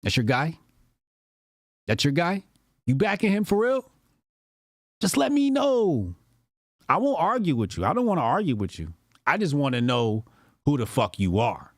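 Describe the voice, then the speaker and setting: A man streams casual reaction commentary, mocking and exasperated and quick to curse. His pitch swings widely. The sound is dry and close to the mic. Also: sing-song, no room sound.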